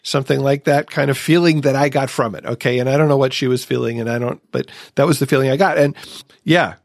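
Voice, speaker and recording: A man's voice: medium pitch, steady tone, quick pace, vocal fry, no room sound, studio quality. A man hosting a recovery podcast, sharing his own experience in a reflective, casual way. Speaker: podcast host.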